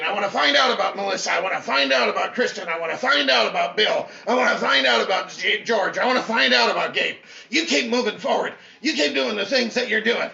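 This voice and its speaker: A man giving an impassioned motivational pep talk as a fitness instructor, preachy and repetitive, bursting into shouts. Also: high-pitched, vocal fry. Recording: echoey, distant, dull mic with faint music.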